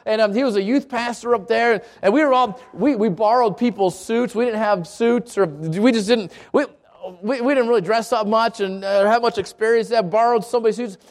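A man's voice: high-pitched, fairly quick. A middle-aged male pastor telling a personal story in a sermon, with frequent restarts and repeated words. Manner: storytelling with many restarts and stammers.

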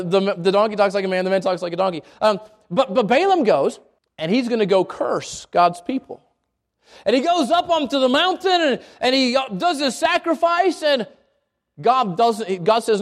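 High-voiced animated male preacher. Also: normal speed. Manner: animated, folksy, many restarts. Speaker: pastor. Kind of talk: sermon.

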